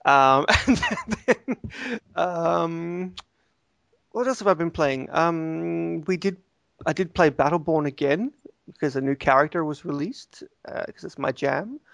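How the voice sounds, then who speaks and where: A man co-hosts a casual gaming podcast and chats in a rambling, joking way, full of "um"s and restarts. His voice sits fairly high for a man. The sound is dry and close, with no room around it. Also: unhurried, vocal fry, fairly bright tone, no echo. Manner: jokey, rambling with many fillers. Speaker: subreddit moderator and co-host.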